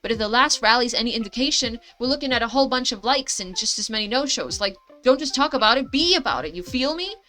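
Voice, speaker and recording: A woman's voice: fairly high pitch, expressive, fast, hardly any pauses, pushed and bright, faint music behind, voice pushed up. A woman voicing a tough, streetwise teenage girl rapper who talks bluntly in slang. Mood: fired up.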